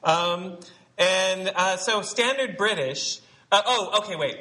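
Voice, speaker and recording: A man's voice: high-pitched, slow pace, sharp tone, low-quality recording. A man in his forties giving a rambling, chatty dialect lesson to actors at a read-through, laughing often. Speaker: dialect coach. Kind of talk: informal acting lesson talk. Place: theater rehearsal room at a read-through.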